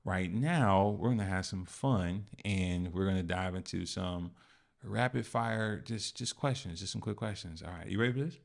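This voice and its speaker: A man hosting a business podcast, talking in a relaxed, rambling way with lots of fillers. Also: low-pitched, moderate pace, creaky. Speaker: host. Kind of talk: casual podcast chat.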